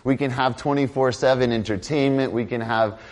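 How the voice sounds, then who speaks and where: A pastor delivers a conversational sermon at normal speed, swinging between loud, emphatic lines and quiet, low asides.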